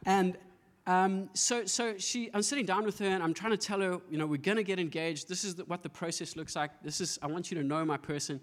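A male pastor delivers a sermon in a fairly high voice. He tells stories with playful, acted-out asides. His voice rings with the long reverb of a large hall. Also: brisk.

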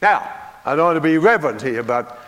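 Older male preacher, high voice, joking and questioning the congregation, big reverberant hall. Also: animated, quick pace, a bit bright. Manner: folksy, humorous, asks the congregation questions. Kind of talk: sermon.

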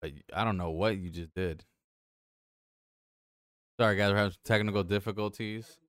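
A laid-back man on a podcast who backs up his co-host with short, easy replies. His voice is smooth and clear with a bright edge, recorded dry and up close. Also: on the low side, steady tone, normal speed, no room sound. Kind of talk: casual podcast chat.

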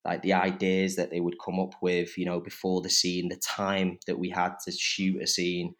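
A man's voice: deep voice, completely flat delivery, normal speed, fairly bright tone. A young man, an actor guest on a podcast, chatting enthusiastically with lots of fillers and laughter. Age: young adult. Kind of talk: casual podcast chat.

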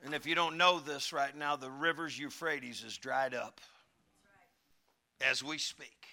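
A man's voice: mid-range voice, fairly even intonation, measured pace, vocal fry, bright, forceful tone. A pastor preaching a sermon in a church, folksy and emphatic, building in fervor as he teaches. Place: church sanctuary.

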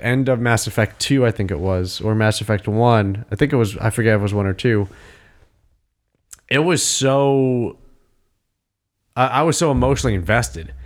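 A man chatting casually, telling rambling, profane, animated stories. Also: fairly low pitch. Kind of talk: casual chat.

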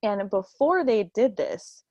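A woman in her thirties telling the story of giving birth in a casual chat, animated and emotional, laughing often and near tears. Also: takes it slowly, dry recording, dull audio. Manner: animated, laughs often, acts out quotes in a high voice.

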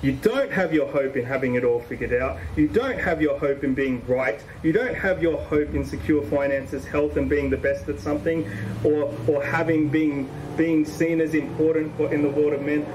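A man's voice: on the high side, normal speed, a little mellow, recorded from a distance, slight background noise, poor audio. A man preaching a sermon in a conversational, emphatic way, repeating phrases for stress.

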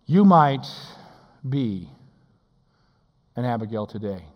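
A male pastor preaching a sermon in a church. He swings between shouting and hushed, intimate tones and acts out quotes in playful voices. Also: medium pitch, animated, slow, big-room sound, lo-fi sound.

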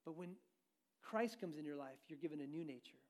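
A man's voice: on the high side, expressive, a little fast. A man preaching a sermon as pastor, asking the congregation questions and driving his points with energy.

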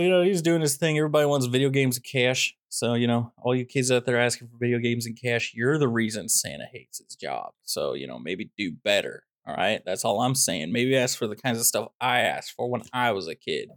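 A man co-hosts a movie podcast, talking at a middling pitch. He rambles and jokes, slipping into mock rants and silly asides. The sound is dry and close, with no room echo. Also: brisk. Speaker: podcast co-host reviewing a movie. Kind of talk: casual comedic review chat.

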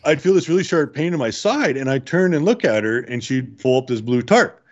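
A man's voice: mid-range voice, expressive, fairly quick, muffled recording. A man telling his survival story to interviewers in a rambling, good-humored way. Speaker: interview guest, bear attack survivor. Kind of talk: casual storytelling.

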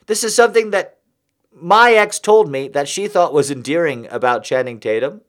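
Animated man rambling a comic monologue. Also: high-pitched. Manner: rambling, confessional, self-mocking.

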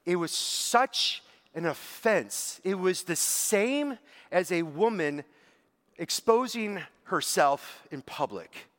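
Animated, high-voiced male preacher. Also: takes it slowly. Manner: animated storytelling, acting out quotes; casual filler words. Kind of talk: sermon.

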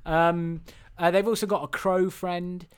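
Young male co-host, slightly high voice, rambling, laughs often, casual film chat. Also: fairly even intonation, measured pace, clean tone. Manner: rambling, laughs often, many restarts and fillers. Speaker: podcast co-host.

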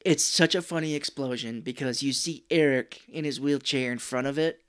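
A man's voice: mid-range voice, normal speed, smooth. A man co-hosting a podcast, recapping a movie in casual chat with jokes and mocking impressions. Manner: jokey, slips into mocking impressions. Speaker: podcast co-host.

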